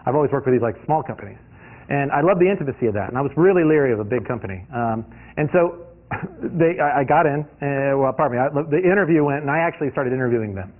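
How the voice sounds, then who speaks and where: A man from the US East Coast gives a guest lecture built on personal stories. He talks at a quick clip and often restarts his sentences. The recording sounds tinny and lo-fi, like it came through a phone. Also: medium pitch. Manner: lively, anecdotal storytelling with frequent restarts. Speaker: guest lecturer, industrial designer.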